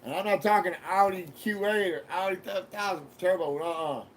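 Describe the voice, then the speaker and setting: A man hosting a live stream in a loose, rambling monologue full of swearing and crude jokes. His voice sits a bit high for a man. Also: moderate pace, slight background noise. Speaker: livestream host. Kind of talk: casual profane monologue.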